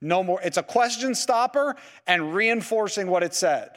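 A man leads a Bible lecture in a room with slides, his voice pitched high for a man. He keeps the class engaged with rhetorical questions and frequent checks of "okay?" and "right?". A long hall reverb trails his words. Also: lively intonation, normal speed, fairly bright tone. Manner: peppers sentences with "okay?" and "right?". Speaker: Bible teacher.

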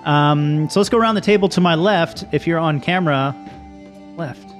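Easygoing guy hosting the table, laughs a lot, bit high, soft music underneath. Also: moderate pace. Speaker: host and game master. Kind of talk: casual table chat.

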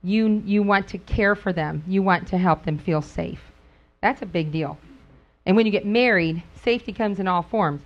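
A middle-aged woman speaking casually to a group, telling stories with frequent laughter and acting out quotes in sudden high squeals. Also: moderate pace. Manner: laughs often while talking. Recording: dull lo-fi recording.

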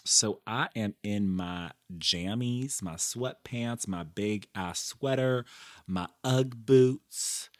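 Unhurried man, candid podcast chat. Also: fairly low pitch, no echo, studio quality. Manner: candid, reflective, playful slang. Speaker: podcast host. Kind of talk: casual solo podcast chat. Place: living room, in a comfy chair.

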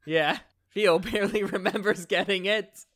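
A man narrating as game master of a tabletop game, in a relaxed, conversational way with fillers. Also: sits high, moderate pace.

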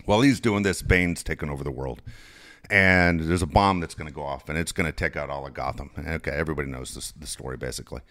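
A man's voice: a bass voice, quick pace, a bit bright. A middle-aged man telling rambling, self-mocking stories in a casual chat, swearing freely. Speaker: podcast co-host and father.

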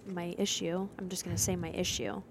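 A woman's voice: lowish voice, level tone, a little fast, noisy background. Candid, teasing young woman co-host. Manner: candid, teasing, laughs often. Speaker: podcast co-host. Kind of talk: casual couple's podcast chat.

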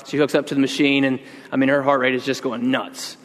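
A man preaching a sermon in an earnest, conversational way, slowing down to stress key words. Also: medium pitch, little pitch movement, fairly bright tone. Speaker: pastor. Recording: long reverb in a large hall.

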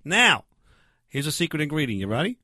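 A man's voice: a little high, sing-song, a little fast, pushed and bright, no room sound, studio quality, full character voice. A man playing a pushy, blustery backyard barbecue guy in a comedy sketch, talking over everyone. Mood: bossy.

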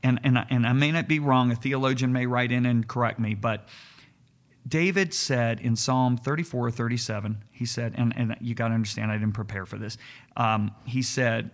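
A man co-hosting a faith podcast, telling Bible stories in an earnest, animated way with frequent restarts. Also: mid-range voice, moderate pace. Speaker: co-host. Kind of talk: casual Bible teaching chat.

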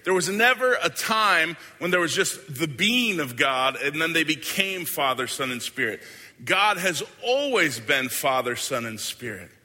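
A man preaching a sermon as a pastor, earnest and deliberate, often letting his lines fade softly at the end. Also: a little high, animated. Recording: hall with long reverb.

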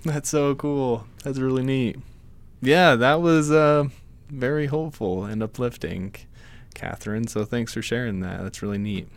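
Male podcast host, calm and curious, mid-pitched. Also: measured pace. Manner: calm, curious, brief affirmations. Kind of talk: interview.

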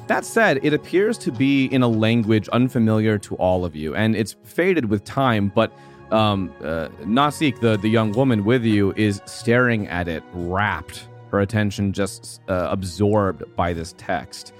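A man running a tabletop game as game master, narrating slowly with many ums and pauses. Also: lowish voice, animated, soft background music. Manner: hesitant, many fillers, slow deliberate narration.

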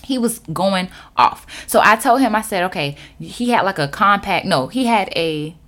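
A woman speaker tells her own story with sass and emphasis. Her pitch swings widely, rising high for emphasis and dropping low for effect, and her delivery stays animated and expressive throughout. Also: moderate pace. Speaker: motivational speaker. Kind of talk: personal storytelling talk.

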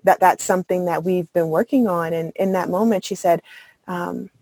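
Woman, thirties, lowish breathy voice, dry close sound, earnest casual chat, mother on a podcast. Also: fairly even intonation, normal speed, no room sound. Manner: earnest, candid, many fillers and soft laughs. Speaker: podcast guest, mother of three. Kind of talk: casual reflective conversation.

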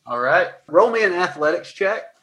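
A man narrating a tabletop game as dungeon master, his voice sitting a little high. He recaps and sets scenes in a lively way, with occasional fillers. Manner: animated, quick recaps with fillers.

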